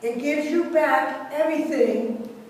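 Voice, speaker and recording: A woman preacher voicing a gentle, patient father explaining a lesson calmly in her sermon, recorded far off in a church. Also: sits high, slow, slight background noise. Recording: echoey church hall from far off.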